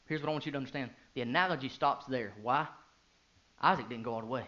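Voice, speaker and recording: A man in his thirties preaches fast, going from low and quiet to loud and fervent while firing rhetorical questions at the congregation. The audio is lo-fi.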